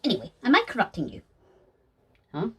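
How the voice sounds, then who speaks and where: Girl doing a hyper chaotic guy, loud, high and bouncy, all over the place. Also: slightly rough, heavily acted. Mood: excitable. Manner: loud, excitable, rapid bursts. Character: chaotic, gleeful, gross-minded young man. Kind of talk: fan audio sketch.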